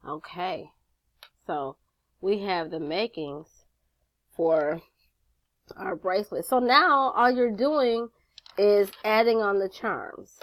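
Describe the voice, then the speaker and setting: This jewelry-making instructor, a grandmother with a grandson, has a mid-range voice and talks slowly, leaving long pauses, on a dry recording. Sassy and talkative, she leads viewers through a craft tutorial step by step, swearing offhandedly as she goes.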